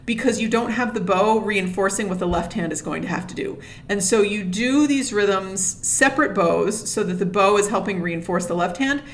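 A woman string teacher explaining practice methods step by step in a steady, methodical way. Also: medium pitch, a little hiss or hum. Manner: methodical, steady, breaks steps down one at a time; sings rhythms on nonsense syllables to illustrate. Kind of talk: instructional explanation to camera.

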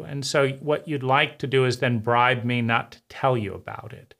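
A man giving a personal testimony about his past, talking in a bitter, intense way with halting pauses and repeated words. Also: medium pitch, gravelly, a bit bright. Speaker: trauma survivor speaking to camera.

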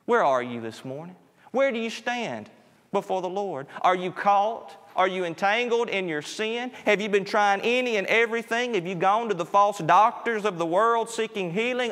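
A man preaching a sermon, rising on his appeals and dropping low and soft at the ends of phrases. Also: big-room sound. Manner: swells in pitch and loudness on appeals, drops low and soft on closing words. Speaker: pastor.

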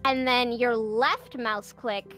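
A woman's voice: fairly high pitch, fairly even intonation, slow pace, over loud music. A woman patiently walking a friend through a game step by step in casual chat. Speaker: guest teaching the game.

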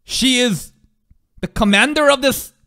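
A man giving an excitable, swearing live reaction to an anime, jumping between loud outbursts and low mutters. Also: a little slow, faint music behind.

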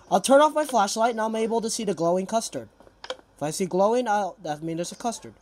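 A man's voice: high-pitched, lively intonation, brisk, crowd noise. Young male gamer, nervous running commentary, sudden panicked yelps, casual delivery. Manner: jittery, frequent panicked outbursts. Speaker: game player.

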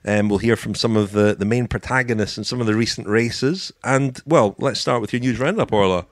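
A man's voice: fairly low pitch, fairly quick, no echo. A man hosting a cycling podcast, a bit under the weather, with dry self-deprecating jokes. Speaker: podcast host. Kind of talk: casual chat.

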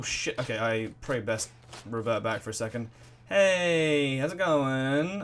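A man giving excitable, rambling let's play commentary full of swearing and reactions to the game. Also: mid-range voice. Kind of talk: gaming commentary.

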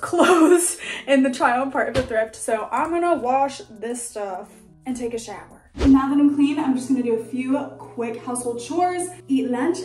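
A woman's voice: fairly high pitch, a little mellow. A young woman narrating a day-in-my-life vlog, bubbly and chatty with trendy slang and frequent laughs. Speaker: vlogger. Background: music.

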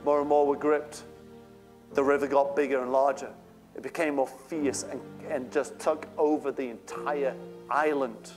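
A man's voice: fairly high pitch, fairly even intonation, moderate pace, soft background music. A male pastor preaching a sermon with fervent, rising outbursts.

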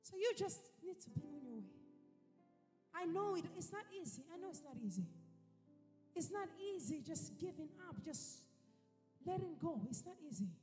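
Woman preacher, very high voice, emphatic repetitions, reverberant hall. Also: sing-song, moderate pace, long pauses, darkish tone. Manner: emphatic, repeats phrases for effect. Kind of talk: sermon. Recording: reverberant hall with faint music.

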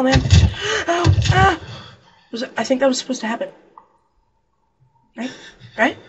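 A man's voice: very high-pitched, sing-song, normal speed, long pauses, far from the mic, slight background noise, rough recording. Young man rambling over a game, off-mic. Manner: rambling, jokey, talks to game characters. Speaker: let's play gamer. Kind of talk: casual game commentary.

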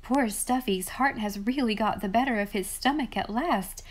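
A woman voicing a sly, kindly motherly woman who gently teases a child. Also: a little high, normal speed, close to an everyday voice. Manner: gently teasing.

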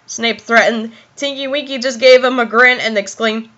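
A woman's voice: fairly high pitch, fairly even intonation, moderate pace, hardly any pauses, a bit bright. A young woman giving a comic dramatic reading of a fan story, giggling and exclaiming as she goes. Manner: giggly, exclaiming, self-interrupting. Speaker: reader of fan fiction.

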